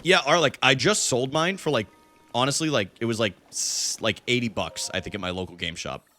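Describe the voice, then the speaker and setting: A man's voice: mid-range voice, brisk, pushed and bright. A young man casually commenting on a game he is live-streaming, greeting viewers in chat by name and using lots of fillers.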